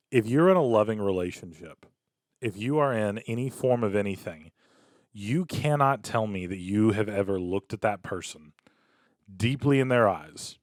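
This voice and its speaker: A man's voice: on the low side, lively intonation, normal speed, no echo, clean studio sound. A man co-hosting a podcast, telling a comic story in casual chat and acting out voices, laughing often. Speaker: podcast co-host.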